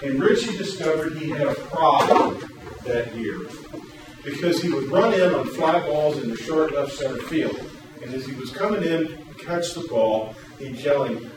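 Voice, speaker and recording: A male workshop presenter telling a story in a lively way, then explaining a program, recorded from a distance in a large room. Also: a little high, moderate pace. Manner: animated storyteller, loud acted quotes. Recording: echoey hall, distant mic, room noise.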